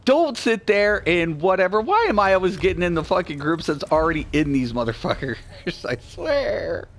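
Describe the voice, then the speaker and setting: A man in his forties hosting a gaming channel, ranting bluntly and swearing freely, swinging between low grumbling and loud excitement. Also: moderate pace, slight background noise. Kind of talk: casual gameplay rant.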